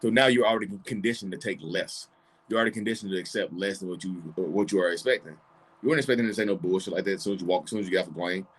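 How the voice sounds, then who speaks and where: A man hosting a casual live-stream chat, animated, laughing often and acting out little quoted voices. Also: low-pitched, rapid-fire, breathy edge. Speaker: host.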